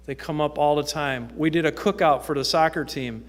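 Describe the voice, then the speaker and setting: Speaking at normal speed in a higher voice, a man who works in youth ministry tells stories from a church pulpit. His testimony is informal and conversational, peppered with ums, and the sanctuary gives the recording an echoey quality.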